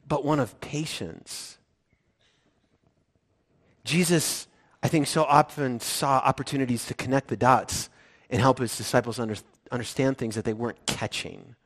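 A male pastor delivering a lively sermon. He is playful and animated, often slipping into short character voices. His voice sits somewhat high for a man. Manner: animated, playful, acts out the disciples' lines.

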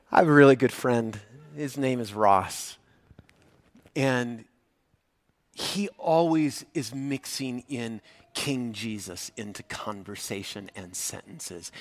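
A man's voice: sits high, fairly bright tone, dry recording, studio quality. A male pastor preaching a sermon in a conversational, joking and emphatic way.

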